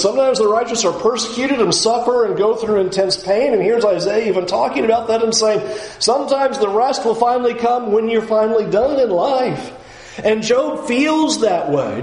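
A man teaching through a Bible passage in an earnest way, dropping low and soft when he quotes scripture. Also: reverberant, low-quality recording. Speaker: preacher.

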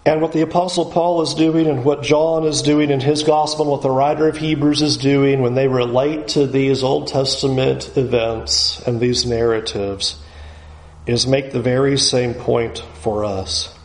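A man preaching a sermon, rising loud on emphasis and dropping low and quiet to drive points home. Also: fairly even intonation, echoey room. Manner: swings from loud rising emphasis to low quiet pleading, slows on key words.

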